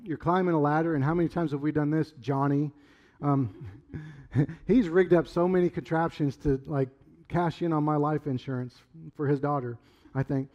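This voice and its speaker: A man's voice: on the high side, steady tone, normal speed, highs cut off. Rambling, conversational man preaching a sermon. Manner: conversational, rambling storyteller with sudden loud outbursts. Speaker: pastor.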